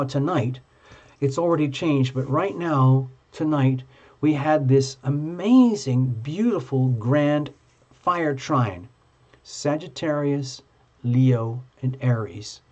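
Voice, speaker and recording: A man hosting a live tarot stream, chatting with viewers in an excitable, gushing and playful way. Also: medium pitch. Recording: dull lo-fi stream audio.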